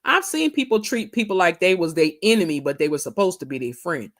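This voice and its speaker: A woman's voice: on the low side, expressive, fast. A woman hosting a casual livestream chat, greeting viewers by name and stretching her words out. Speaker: livestream host.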